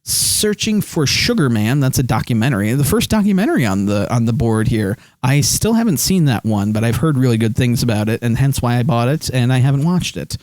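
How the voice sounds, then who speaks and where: Man, casual live-stream chat, rambling with fillers, mid-pitched voice, dry close-mic sound. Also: lively intonation, fairly quick, hardly any pauses, darkish tone, no room sound. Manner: rambling, many fillers, reads chat aloud. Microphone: close desk microphone.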